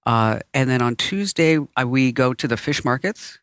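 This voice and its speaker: A man's voice: mid-range voice, expressive, normal speed, fairly bright tone, clean tone, no echo. Man, podcast co-host, casual chat, loose filler-heavy talk, dry studio sound. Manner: chatty, loose, lots of "like" and "uh".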